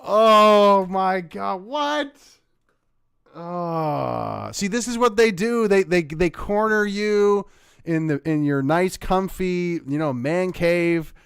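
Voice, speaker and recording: Male commentator from Canada, mocking and animated, higher-pitched, dry sound. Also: a little slow, smooth, dry recording. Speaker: commentator reacting to a news clip. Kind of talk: casual political commentary.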